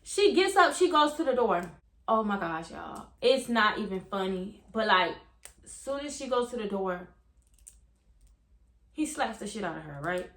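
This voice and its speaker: A young adult woman, a hairstylist, telling a story to her viewers in an animated, profane, chatty way. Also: mid-range voice, measured pace, echoey room. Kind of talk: storytime vlog.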